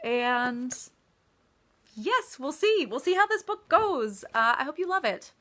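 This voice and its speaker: A woman's voice: high voice, big pitch swings, takes it slowly, pushed and bright. An American woman, an author, chatting casually in a live-stream Q&A, often laughing and joking about herself. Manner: giggly, self-deprecating, chatty.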